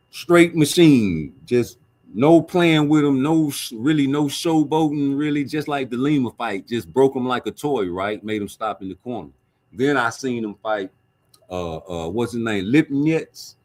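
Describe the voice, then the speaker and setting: A man with a mid-range voice hosts a boxing livestream, reading viewer chat aloud and trading profane jokes in animated, casual commentary.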